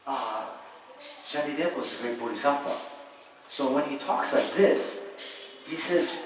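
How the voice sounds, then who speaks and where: A man gives a Buddhist teaching in a relaxed, conversational way, checking that his listeners follow. He sounds distant, in a big reverberant hall. Faint hiss runs underneath. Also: mid-range voice. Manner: conversational, checks in often with "right?" and "you understand?"; acts out ordinary views in quick asides, laughs lightly. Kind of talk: dharma teaching to a class.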